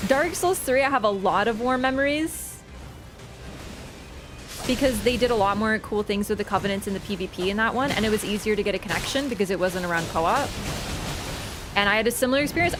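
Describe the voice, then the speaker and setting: A young woman game streamer chatting casually with her viewers, telling stories in an animated, excitable way and swearing freely. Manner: animated, excitable storytelling with sudden high squeals. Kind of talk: casual livestream chat. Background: background game music.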